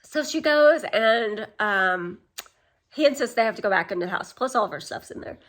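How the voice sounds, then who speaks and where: A woman's voice: a little high, animated, normal speed, a bit bright. Woman, casual rambling film recap, filler-heavy chatter. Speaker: film summary vlogger.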